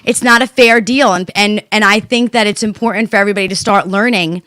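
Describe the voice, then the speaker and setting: Woman cohost, mid pitch, swears a lot and goes hard on her opinions, dry sound. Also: fairly even intonation, fast talker, a bit bright, dry recording. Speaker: podcast co-host. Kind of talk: casual chat.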